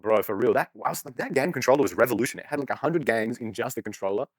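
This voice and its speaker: A man's voice: mid-range voice, expressive, no room sound. A young man, joking and swearing freely in a casual podcast chat. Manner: rapid, joking, swears freely, laughs often.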